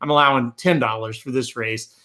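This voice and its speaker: Blunt, bright-voiced man talking racing picks. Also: mid-range voice, fairly quick. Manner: blunt and animated, swears casually. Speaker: horse racing handicapper, podcast co-host. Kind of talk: casual betting analysis chat.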